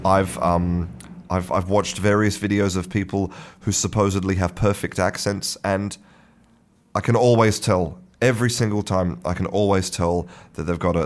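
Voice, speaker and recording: A man hosting an English-learning podcast, explaining a topic in a relaxed, rambling way, restarting sentences and repeating words. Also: sits low. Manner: chuckles to himself. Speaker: English teacher and podcast host. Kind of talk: casual spoken lesson.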